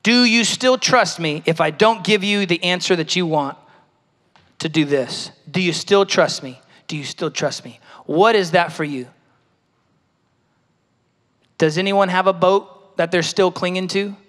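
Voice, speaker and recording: A man preaches a personal testimony in a relaxed, storytelling way, often acting out what others said. His voice sits high and sounds bright and forceful. The sound carries the long reverb of a large church hall. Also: normal speed. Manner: storytelling, conversational, acts out quoted voices. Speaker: speaker at a church service.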